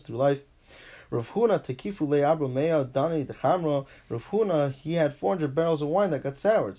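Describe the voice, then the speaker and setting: A man teaching a Talmud class, reading each line and paraphrasing it in English, animated, with frequent restarts. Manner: animated, pitch jumps for emphasis.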